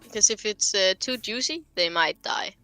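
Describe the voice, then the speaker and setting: A woman's voice: medium pitch, animated, moderate pace, sharp tone, dry recording, soft background music. A woman chatting beside a game streamer while eating, teasing him with playful, contrary remarks. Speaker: off-stream companion. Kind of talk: casual teasing chat.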